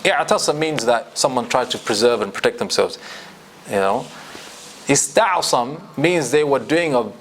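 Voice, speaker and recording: A man's voice: mid-range voice, lively intonation, normal speed, slight background noise. A man teaching a Quran commentary class, explaining and asking his students questions. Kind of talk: classroom tafsir lecture.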